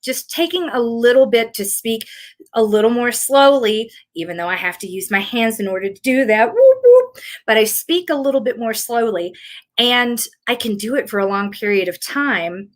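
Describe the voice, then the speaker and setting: This is a woman from rural Tennessee with a Southern lilt, talking through a casual live Q&A as a fitness coach. Her voice sits a little high, and she rambles in an easy, self-mocking way. She sounds middle-aged. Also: moderate pace. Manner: chatty, rambling, self-deprecating.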